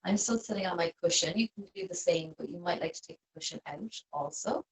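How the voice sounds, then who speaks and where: A woman yoga teacher guiding a restorative class in a soft, gentle, calm way. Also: fairly low pitch, fairly quick, low-quality recording. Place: seated on a cushion.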